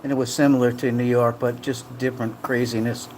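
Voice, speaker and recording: A man's voice: medium pitch, little pitch movement, fairly quick, darkish tone, a little hiss or hum. Rambling, jokey man hosting a livestream. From Rhode Island. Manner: rambling, jokey, reads chat comments aloud. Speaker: livestream host. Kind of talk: casual live-stream chat. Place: home room in the Philippines.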